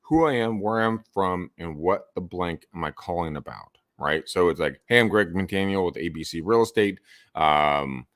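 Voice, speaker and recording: Low, animated man coaching sales. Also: moderate pace, no echo, clean studio sound. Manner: animated, swings his voice up and down for emphasis. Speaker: real estate sales coach. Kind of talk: podcast guest advice.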